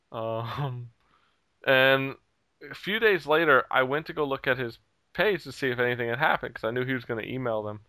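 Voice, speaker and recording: A man's voice: mid-range voice, normal speed, long pauses, pushed and bright, no echo. A man telling a heated story in casual chat, swearing freely and laughing at himself along the way. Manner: heated, profane, laughs at his own story.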